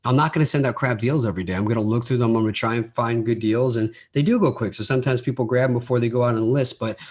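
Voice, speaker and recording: A man's voice: medium pitch, rapid-fire, a little mellow. Man hosting a solo podcast. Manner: conversational, repeats words when starting sentences; acts out quoted dialogue in his own voice. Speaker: podcast host.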